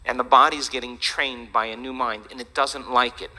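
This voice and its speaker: A man giving a lively, joking talk to an audience, chatty and animated. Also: medium pitch, normal speed, low-quality recording. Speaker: speaker.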